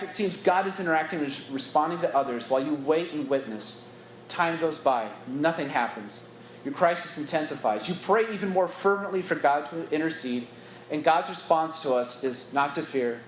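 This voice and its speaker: A man's voice: fairly high pitch, echoey room, slight background noise, poor audio. A man giving an earnest, reflective Bible teaching to church staff, talking conversationally, recorded on a phone in a meeting room.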